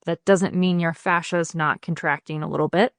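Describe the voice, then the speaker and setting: A woman's voice: low-pitched, brisk, dry recording, clean studio sound. A woman speaking as a podcast guest, explaining her bodywork practice in an earnest, casual way and acting out the people she quotes. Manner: earnest, explanatory, animated when quoting people. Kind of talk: casual interview talk.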